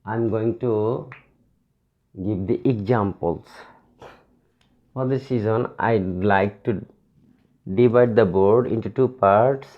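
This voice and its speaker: A man teaching English pronunciation, dictating slowly and repeating words as he writes on a whiteboard. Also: lowish voice, phone-quality sound. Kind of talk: classroom lesson at a whiteboard.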